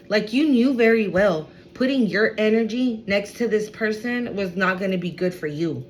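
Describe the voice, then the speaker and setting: A woman's voice: mid-range voice, expressive, normal speed, few pauses, a little hiss or hum, rough recording. A woman giving a spiritual card reading to her viewers, emphatic and repetitive. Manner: emphatic, repeats phrases, addresses viewers as y'all. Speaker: tarot reader.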